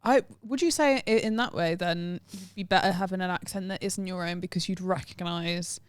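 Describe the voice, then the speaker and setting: A woman's voice: fairly low pitch, brisk, clean tone, no room sound. A woman co-hosting a casual podcast, answering in short reactive replies and laughing easily. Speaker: podcast co-host.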